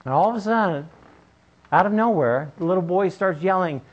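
A man's voice: sits high, lively intonation, moderate pace, muffled recording. A male preacher delivering a sermon, telling a story in an emphatic way.

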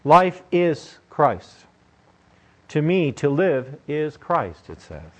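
A man's voice: medium pitch, animated, a little slow, darkish tone. An older man preaching a sermon in a conversational, joking way, often asking his listeners questions. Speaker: pastor. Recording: dull lo-fi recording.

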